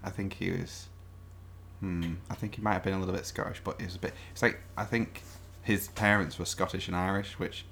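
A man's voice: sits low, level tone, a little fast, creaky, fairly bright tone, a little hiss or hum. A man from Blackpool, chatting casually, rambling, swearing freely and laughing often. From Blackpool, England. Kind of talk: casual chat.

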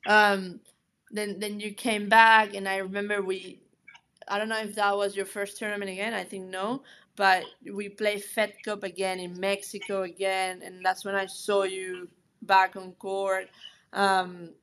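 A woman's voice: mid-range voice, flat delivery, unhurried, a bit bright. Chatty woman interviewer. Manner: friendly, asks questions with many fillers. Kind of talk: casual interview conversation.

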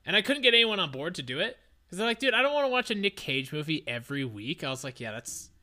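A man in his twenties co-hosting a casual podcast, loud and excitable, ranting and joking at himself. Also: high voice, fast talker. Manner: loud, excitable, self-mocking rants. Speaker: podcast co-host.

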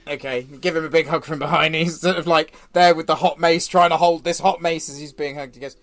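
A man narrating as game master, telling the scene in a relaxed, chuckling way with many fillers. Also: fairly high pitch, fairly quick.

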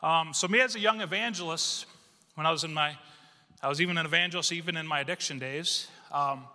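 A male pastor giving a conversational, humorous storytelling sermon in a church, animated and acting out quotes. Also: a little high, brisk. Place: church sanctuary. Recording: reverberant church hall.

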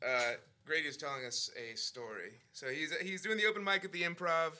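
A man's voice: fairly high pitch, steady tone, brisk, sharp tone. A man hosting a casual comedy podcast, playful and laughing often. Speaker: podcast host.

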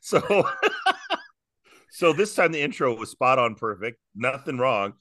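A man co-hosting a casual podcast, dry and sarcastic, quick to laugh. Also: mid-range voice, very animated, fairly bright tone. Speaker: podcast co-host.

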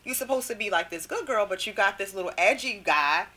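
Bright, animated woman host. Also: medium pitch, brisk, a little hiss or hum. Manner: animated, expressive. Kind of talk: casual chat.

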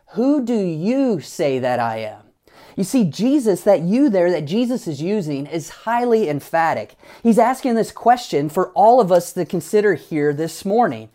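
A man's voice: sits high, dark tone. A male pastor preaching a sermon in a conversational, emphatic way, with casual asides.

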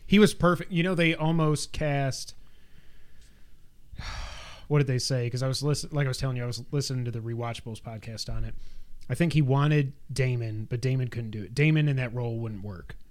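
A man's voice: mid-range voice, brisk. A man hosting a podcast, chatting casually about movies in an enthusiastic, talkative, rambling way. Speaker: podcast host.

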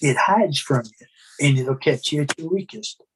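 A man's voice: a little high, lively intonation, normal speed, a little hiss or hum. A man who is a podcast guest, telling his recovery story in casual conversation. He speaks in an earnest, emotional and candid way, with blunt swearing.

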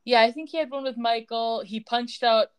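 A woman's voice: fairly high pitch, moderate pace, clear, resonant tone. A young woman co-hosting a podcast, chatting casually and retelling scenes in a sarcastic, quoting way. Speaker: podcast co-host. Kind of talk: casual recap chat.

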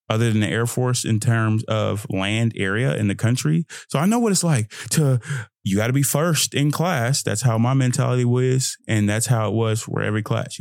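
Animated, cussing young man telling a story. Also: on the high side, creaky, no echo, studio quality. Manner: animated, profane, acts out his own inner voice. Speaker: podcast host. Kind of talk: casual storytelling monologue.

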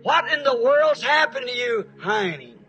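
A man's voice: extremely high pitch, sing-song, measured pace, a bit bright, highs cut off, faint music behind, exaggerated voice. A man doing a blunt, baffled shop boss.

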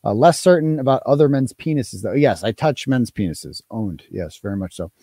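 Lively, profane male live-stream host. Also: medium pitch, moderate pace, breathy edge, no echo, studio quality. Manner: profane, mocking, rambling. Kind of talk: casual live-stream commentary.

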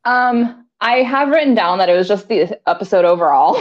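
A woman's voice: medium pitch, animated, moderate pace, dull audio. A woman co-hosting a podcast in casual chat, laughing often and dropping dry asides. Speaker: podcast co-host.

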